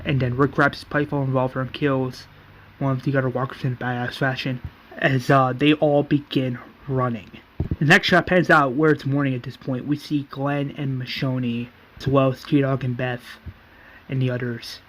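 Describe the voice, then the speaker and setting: A man's voice: medium pitch, little pitch movement, moderate pace, a little hiss or hum, rough recording. A man casually retelling a story, stringing events together with many fillers.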